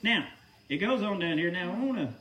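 A man's voice: sits high, animated, a little fast, reverberant, far from the mic, dull audio, a little hiss or hum. A man preaching a sermon in an emphatic, folksy way, often asking the listeners rhetorical questions.

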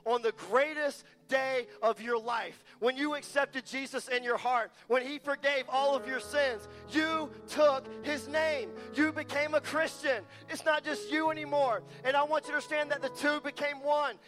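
A man preaching with a very high voice, emphatic and passionate, driving points home by repeating them. Faint music plays softly under his sermon. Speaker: guest preacher.

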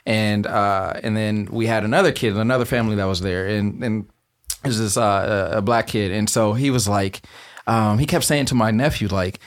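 A man's voice: lowish voice, a little fast. A man on a parenting panel telling a personal story in an earnest, casual way with frequent restarts. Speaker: podcast co-host, father.

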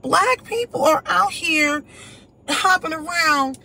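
A woman's voice: very high voice, slow, creaky. An American woman hosting her own channel, giving opinionated livestream commentary and answering viewers by name. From United States. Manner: opinionated, animated, reads chat aloud. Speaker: channel host.

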